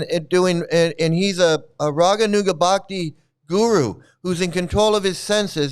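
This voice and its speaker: A man delivering angry vlog commentary in a fairly high voice, heated and full of profanity. His tone is smooth and clear, and he keeps circling back to the same insults. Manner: heated, profane, repetitive ranting. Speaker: channel host.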